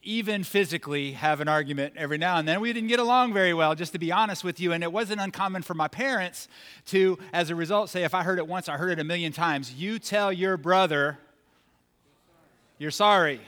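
A man's voice: high voice, quick pace, a bit bright. A man preaching a sermon as pastor, conversational and playful, acting out scenes from his childhood. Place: church sanctuary. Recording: long hall reverb.

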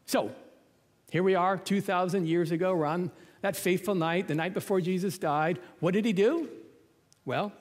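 A man's voice: sits high, moderate pace, long reverb tail. A man preaching a sermon in a conversational, humorous way, full of rhetorical questions.

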